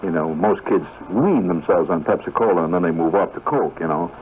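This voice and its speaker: A man telling a rambling story on the radio in an animated, conversational way. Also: low-pitched, brisk. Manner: conversational, animated, full of you-knows and restarts. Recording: tinny 1970s radio broadcast with faint hiss.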